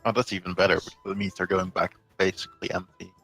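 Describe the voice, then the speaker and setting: A man's voice: low-pitched, flat delivery, quick pace, gravelly, sharp tone, breathy edge, soft background music. A man playing a tabletop game, thinking aloud in casual, rambling talk. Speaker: player.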